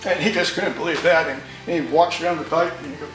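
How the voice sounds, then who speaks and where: A man's voice: fairly high pitch, fairly even intonation, fast, a bit bright, roomy sound, recorded from a distance, soft background music, poor audio. An older man from New York telling stories about his motorcycle in a rambling, folksy way with many restarts. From New York, USA. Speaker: interviewee, motorcycle owner. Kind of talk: storytelling interview.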